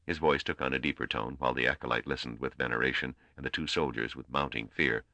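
A man narrates an audiobook in a measured, low-key way, his voice very deep yet bright in tone. The recording is dry and close, with no room sound. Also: steady tone, no echo.

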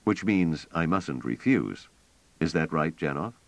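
A man voicing a blunt, direct younger man who is impatient but trying to stay calm. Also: rumbling low, a little slow, vocal fry, dry recording, full character voice. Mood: wry. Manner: direct, terse.

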